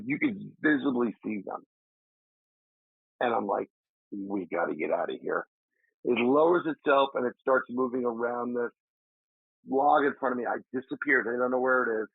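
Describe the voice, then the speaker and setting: Gravelly man telling a story over a tinny line. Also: mid-range voice, no echo. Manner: animated storyteller, acts out friend's shouts. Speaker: paranormal investigator guest. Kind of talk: casual storytelling. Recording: dry tinny remote call audio.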